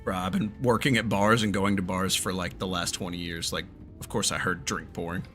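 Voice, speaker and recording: A man's voice: low-pitched, steady tone, fairly quick, fairly bright tone, soft background music. A man hosting a stream, chatting casually over a voice call and rambling through stories with frequent laughs. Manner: rambling storyteller, laughs often. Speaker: streamer host. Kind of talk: casual chat.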